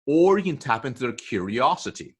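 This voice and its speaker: A man with a husky, slightly breathy voice sits at middle pitch as he explains sales tactics in an interview. He keeps checking in with his listener, tagging "okay?" and "right?" onto his points. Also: sing-song, fairly quick. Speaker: sales coach guest.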